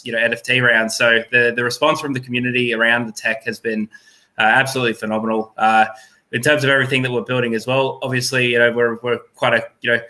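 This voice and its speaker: A man's voice: medium pitch, bright, forceful tone. An Australian man answering interview questions about his startup, upbeat and rambling with many fillers. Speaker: guest, startup team member.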